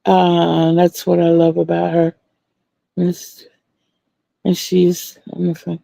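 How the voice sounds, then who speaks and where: A middle-aged woman, telling animated stories on her crochet livestream, laughing often and acting out the voices of the people she quotes. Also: on the low side, slow pace, gravelly, no echo. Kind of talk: casual storytelling chat.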